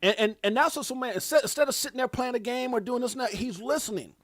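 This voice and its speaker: A man hosting a casual livestream, hyped and preachy, shouting out viewers by name. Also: very high voice, fast, dry recording, studio quality. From United States. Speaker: livestream host.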